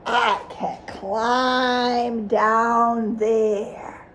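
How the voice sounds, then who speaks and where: A woman voicing a curious, playful kitten in a picture book read-aloud, speaking slowly and drawing out the words. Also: a little high, steady tone, a bit bright, a little hiss or hum, voice pushed down.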